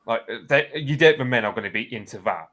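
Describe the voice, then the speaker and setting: A man's voice: mid-range voice, animated, fast, fairly bright tone. A man in a casual chat who thinks aloud, hesitant and full of fillers.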